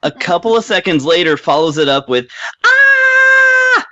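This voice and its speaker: A man's voice: a little high, expressive, quick pace, fairly bright tone, lo-fi sound. A man co-hosting a podcast, chatting casually about a game he reviewed, rambling with lots of fillers. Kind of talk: casual chat.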